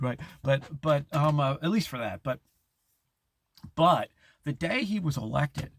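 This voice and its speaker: A man's voice: fairly high pitch, lively intonation, normal speed, gravelly, a bit bright. A middle-aged man hosting a casual monologue, rambling with restarts and chuckling as he acts out quoted voices. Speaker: host.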